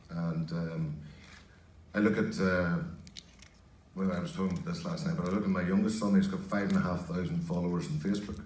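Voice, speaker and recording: A fifty-year-old man speaks on a conference panel with a low voice, halting and restarting as he thinks. He is picked up from a distance in an echoey hall. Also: steady tone, a little mellow. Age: 50s. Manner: hesitant, with many restarts and fillers.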